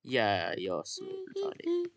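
A woman giving excitable gameplay commentary, swearing and yelling at the game. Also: very deep voice, unhurried. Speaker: gamer. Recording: loud background noise.

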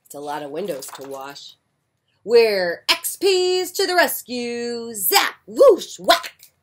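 A woman reading a children's picture book aloud with an expressive voice, breaking off for soft, chatty asides. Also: a little high, slow, a little hiss or hum. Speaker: children's story reader. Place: porch, outdoors.

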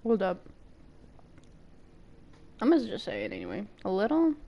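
Squealing, laughing and cursing without restraint, a young female streamer talks casually with her audience in an excitable way. She has a mid-range voice with vocal fry and a moderate pace, in a recording whose highs are cut off.

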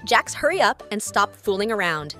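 A man doing a bright, chiding rag-doll woman. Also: sits high, very animated, normal speed, soft background music, full character voice. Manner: scolding, bright-voiced.

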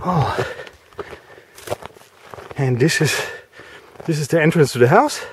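A man talking casually as he walks through a house, giving a vlog tour with a chatty, wry, deadpan humor. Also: a little high, slow, background noise. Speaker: vlogger house sitting.

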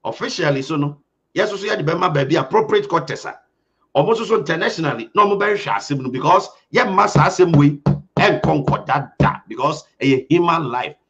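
Fired-up Ghanaian man, high lively voice. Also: normal speed. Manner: urgent and emphatic, mixing Twi and English. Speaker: host. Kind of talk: impassioned commentary. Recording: dull lo-fi sound.

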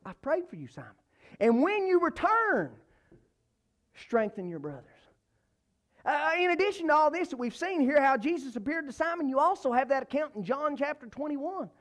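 A man preaching a church sermon, emphatic, repeating phrases and swinging between loud and soft. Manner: emphatic, repeats phrases, rises and falls in pitch and volume.

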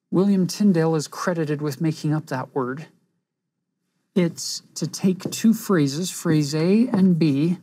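An earnest woman teaching a scripture lesson, reflective and deliberate. She talks slowly, with a mellow, husky, breathy voice, and her pitch sits a little low. The sound is dry and close. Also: no room sound. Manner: earnest, reflective, pauses for emphasis.

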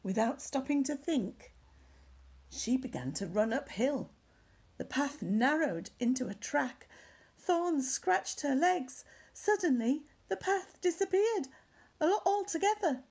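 A woman reading a children's story aloud at church, animated, dropping to hushed whispered asides. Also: high voice, takes it slowly, breathy edge.

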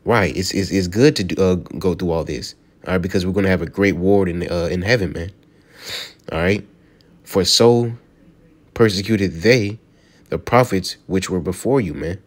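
A man teaching from scripture in a loose, conversational way, reading verses slowly and then explaining them, with "man" and "you know" at the ends of his lines. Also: low-pitched. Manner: slows to read scripture aloud, then explains it. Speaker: preacher.

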